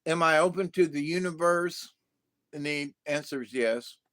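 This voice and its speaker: A man's voice: a little high, normal speed, a bit bright. A man rambling to viewers in a loose monologue, laughing often and repeating insults with heavy emphasis, stoned. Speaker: vlogger.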